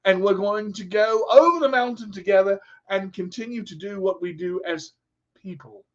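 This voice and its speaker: A man's voice: high voice, moderate pace, lo-fi sound, natural voice. A man putting on a mock English accent as an earnest, uplifting male mentor.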